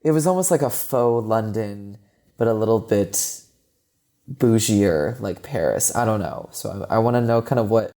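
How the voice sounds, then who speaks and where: A man with a mellow, relaxed voice talking through a film in a casual podcast chat. He rambles, stacks up "like"s and restarts his sentences as he thinks aloud. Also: on the low side, moderate pace. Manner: chatty and rambling, heavy use of "like". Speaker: podcast co-host.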